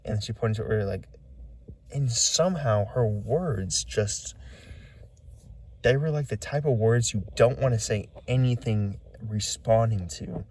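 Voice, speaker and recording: Male vlogger, low and mellow voice, rambling halting storyteller who keeps searching for the right words. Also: husky. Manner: rambling, halting, lots of fillers. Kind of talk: casual storytelling vlog.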